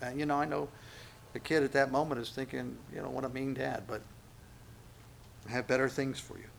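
A middle-aged man delivers a sermon in an animated manner, slipping into the voices of the people he quotes. His voice sits in a middle pitch for a man. A faint hiss of noise runs underneath the recording. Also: brisk, gravelly, long pauses. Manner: animated, acts out quotes and asides. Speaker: pastor.

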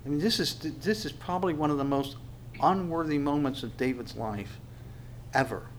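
A man preaching a sermon in an earnest, halting way, stumbling over restarts and then pushing hard on key phrases. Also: fairly high pitch, a little hiss or hum. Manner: earnest, halting, with many restarts and sudden bursts of emphasis. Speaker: pastor.

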